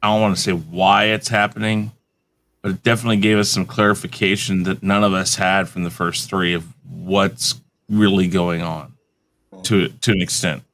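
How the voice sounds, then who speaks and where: A low-pitched man talking casually on a review panel. He explains patiently and corrects others firmly. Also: steady tone, moderate pace, a bit bright. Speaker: podcast panelist. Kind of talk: casual chat.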